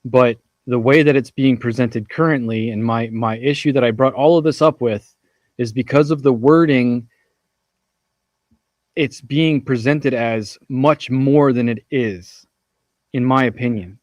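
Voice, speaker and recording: A man in a casual talk who muses over his concerns and often restarts his sentences. His voice is at a middle pitch and sounds dry and close to the mic. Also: measured pace, a little mellow, no room sound. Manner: reflective, hesitant, restarts sentences. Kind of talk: casual discussion.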